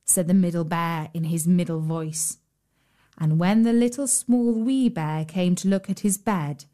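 A woman narrating a fairy tale in a gentle, measured storytelling manner. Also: on the low side. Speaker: storyteller host.

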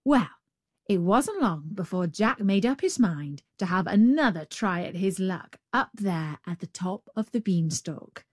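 A woman reads a fairy tale aloud at an unhurried, slow pace, stretching and shaping her phrases expressively. Her voice sounds close and dry, with no room around it. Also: mid-range voice, dry recording. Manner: expressive, drawn-out storytelling. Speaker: storyteller.

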